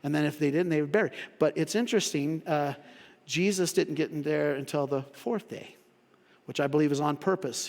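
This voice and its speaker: A man preaching a sermon as pastor in a church, conversational, acting out quotes in sudden high voices. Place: church sanctuary. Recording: long reverb of a church hall.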